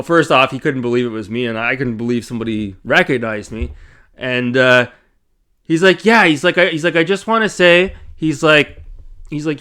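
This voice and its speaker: A man hosting his own channel, chatting casually from his home games room with rambling asides and lots of fillers. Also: medium pitch. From Canada. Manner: rambling, many fillers, animated retelling. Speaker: YouTube channel host. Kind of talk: casual vlog chat.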